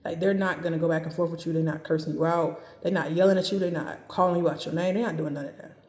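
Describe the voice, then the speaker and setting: A woman giving dating advice in a casual talk to camera, speaking calmly and evenly and driving her points home by repeating them. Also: deep voice, echoey room. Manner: calm, even, straight-talking with emphatic repetition.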